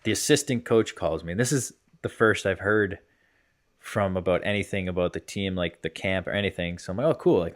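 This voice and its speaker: A young man co-hosting a casual podcast, telling a rambling story full of fillers. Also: low-pitched. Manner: rambling storyteller, many fillers like "whatever" and "blah, blah". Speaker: podcast co-host, hockey player.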